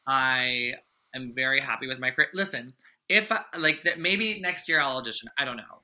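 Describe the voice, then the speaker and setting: A man's voice: mid-range voice, normal speed, pushed and bright, low-quality recording. A man in his thirties, a guest in an interview, talking in a chatty, effusive way with many fillers and restarts. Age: 30s. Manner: earnest and effusive. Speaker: guest, drag artist. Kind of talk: casual interview chat.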